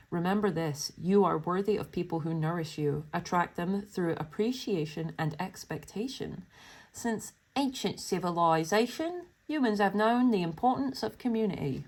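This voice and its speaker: A woman doing a pick-a-card tarot reading, reading card texts aloud and breaking off into chatty, giggly asides to her viewers. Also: deep voice. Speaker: tarot reader.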